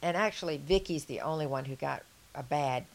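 Older Southern woman, low gravelly voice, frank chatty interviewee. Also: brisk, a little hiss or hum. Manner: chatty, frank, laughs easily. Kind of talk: casual oral-history interview.

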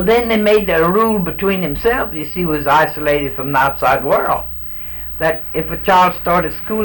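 A man's voice: a little high, fairly bright tone, a little hiss or hum, rough recording. A man in his sixties with a Cajun accent, telling stories in a rambling, folksy way during an oral history interview. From South Louisiana island. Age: 60s. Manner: rambling, folksy storytelling with restarts.

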